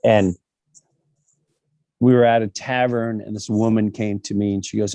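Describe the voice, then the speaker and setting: A middle-aged man telling stories in a casual interview over a video call, animated and acting out the people he quotes. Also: on the low side, normal speed, no room sound. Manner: animated storytelling, acts out quoted voices. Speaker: comedian interview guest.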